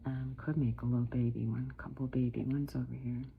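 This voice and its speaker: A middle-aged woman with a low-pitched voice talks her viewers through a watercolor painting step by step. She is chatty and encouraging, calling the audience "guys" as she works. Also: level tone, fairly quick, gravelly, narrow, tinny audio, slight background noise. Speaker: watercolor art teacher.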